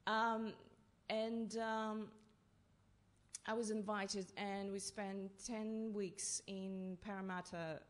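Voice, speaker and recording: A woman from Russia, telling stories as a playwright on a festival panel, halting and full of fillers. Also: mid-range voice. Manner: halting, with many fillers and restarts. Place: festival talk session in a hall.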